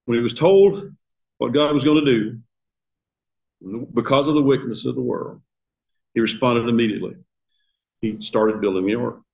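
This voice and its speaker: A man's voice: mid-range voice, normal speed, gravelly, pauses often, a little mellow, low-quality recording. Older man teaching a Bible class. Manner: conversational, asks the class questions, chuckles at his own asides. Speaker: Sunday school teacher. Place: church classroom.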